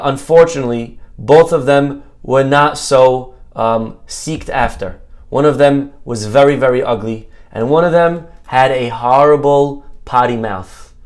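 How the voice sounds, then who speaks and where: A rabbi giving a Torah talk, telling a parable as an animated, jokey storyteller. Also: male voice, mid-range voice.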